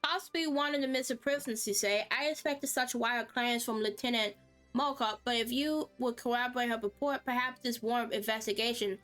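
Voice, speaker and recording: A woman voicing a stern male army commander in a measured, commanding tone. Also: a little high, fairly bright tone, soft background music, lightly acted.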